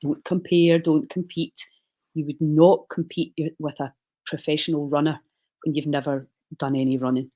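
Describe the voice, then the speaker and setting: A man's voice: fairly high pitch, flat delivery, normal speed, a little mellow, low-quality recording. A man leading a guided breathing session on a live stream, chatty and reassuring as he coaches.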